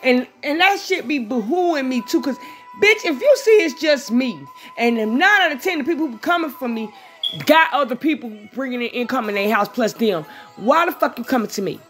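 A woman with a slightly high voice talks straight to her viewers in a blunt, profane, animated way. She moves easily between venting and a casual tarot reading. Faint music plays softly behind her. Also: fairly quick. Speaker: vlogger doing a live tarot reading.

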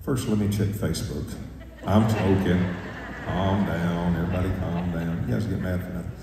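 A man's voice: low voice, fairly even intonation, normal speed, vocal fry, noisy background. A man, a gospel singer giving a joking, folksy stage talk between songs in a church concert hall. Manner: folksy, joking, stirs the crowd up. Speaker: gospel quartet singer speaking to the audience. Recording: echoey hall, distant mic, crowd.

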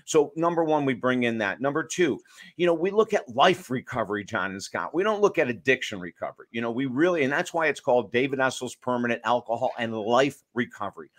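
A man's voice: mid-range voice, brisk. Emphatic storytelling male counselor. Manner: emphatic, storytelling, lively asides. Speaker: author and addiction counselor. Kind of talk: podcast interview conversation.

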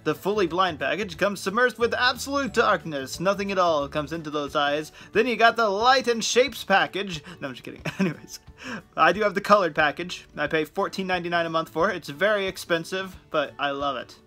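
A young man talks casually to his viewers, joking and chatting as he explains things. His voice sits a little high and sounds bright and forward. Faint music plays underneath. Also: lively intonation, fairly quick. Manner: joking, chatty, laughs at own jokes. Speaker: vlogger host. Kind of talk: casual talk to camera.

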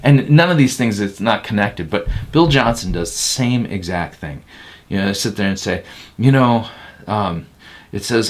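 A man's voice: lowish voice, expressive, measured pace. A man who is a pastor, answering interview questions in a blunt, emphatic and critical way. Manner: emphatic and blunt, slipping into mocking quotes of others.

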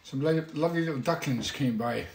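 A man hosting a casual livestream from his home, talking in a rambling, halting way with many fillers. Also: medium pitch, vocal fry, reverberant, slight background noise. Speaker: musician hosting a weekly livestream.

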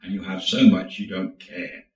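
A man's voice: sits low, fairly even intonation, moderate pace, a little mellow, close to an everyday voice. Scheming, persuasive young woman, voiced by a male storyteller; roomy, distant sound. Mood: coaxing. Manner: coaxing, persuasive. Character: scheming young Thai woman, sweet-talking.

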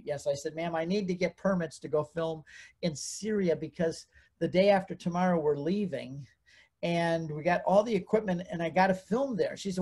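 Male guest, storyteller, acts out quoted voices, animated. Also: a little high, fairly quick, breathy edge.

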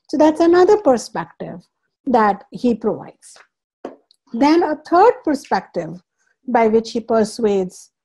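A woman's voice: medium pitch, creaky, mellow, breathy edge. A woman spiritual teacher lecturing a scripture class, stressing points by repeating phrases and explaining terms in English as she goes.

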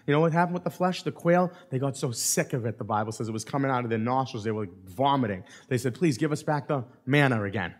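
A man's voice: mid-range voice, fast talker, few pauses. A male pastor preaching a sermon, acting out the voices of the people in his story and checking in with okay and right. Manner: animated, acts out quoted voices of the crowd; repeats okay and right to the congregation.

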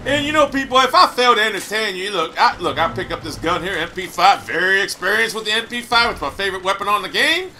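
A loud, hyper man giving boastful, trash-talking commentary over his gameplay. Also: high voice, animated, fast, few pauses. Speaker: gamer.

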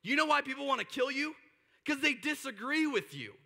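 A man preaching a sermon to a church service, energetic and sarcastic, firing off rhetorical questions. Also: extremely high pitch, a little fast, creaky, in a large hall. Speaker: pastor. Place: large church auditorium.

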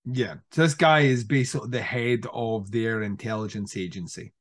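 A man co-hosting a movie podcast, retelling film scenes with lively enthusiasm and frequent swearing. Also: lowish voice, normal speed. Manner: animated storyteller, swears freely, acts out scenes. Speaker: podcast co-host. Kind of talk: casual movie chat.

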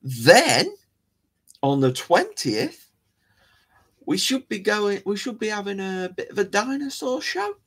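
Rambling male host, husky tone, casual and self-deprecating. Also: sits high, sing-song, slow, long pauses, fairly bright tone. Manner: rambling, chatty, self-mocking. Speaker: live show host. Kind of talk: casual live-stream chat.

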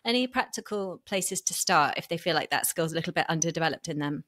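A woman's voice: deep voice, lively intonation, quick pace, fairly bright tone. A woman interviewer asking a long, thoughtful question with slightly hesitant phrasing.

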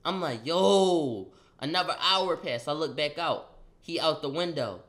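A young man casually telling a story in slang, acting out the quotes loudly. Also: fairly high pitch, animated, normal speed. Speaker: vlogger.

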